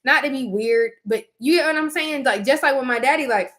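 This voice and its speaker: A woman's voice: high-pitched, fairly quick. A young woman, chatting casually and expressively to her viewers. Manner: chatty, expressive, Southern US slang. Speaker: vlogger. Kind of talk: casual chat to camera.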